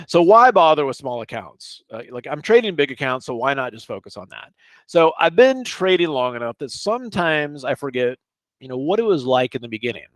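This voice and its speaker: Chatty animated man, dry close sound. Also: on the high side, no room sound. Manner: animated, chatty, sprinkles "okay?" and asides. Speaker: trading educator. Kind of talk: casual teaching talk over charts.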